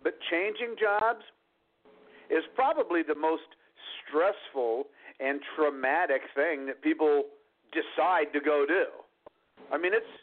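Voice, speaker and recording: A man's voice: on the high side, takes it slowly. A man co-hosting a talk show who argues bluntly and combatively and keeps calling people dude. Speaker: co-host. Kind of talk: heated debate on a call-in show. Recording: tinny phone line.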